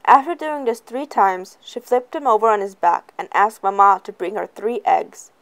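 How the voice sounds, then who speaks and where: A woman reading a chapter aloud as an audiobook. Her voice sits at an ordinary middle pitch, steady and plain, keeping an even pace through the narration. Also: normal speed. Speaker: reader.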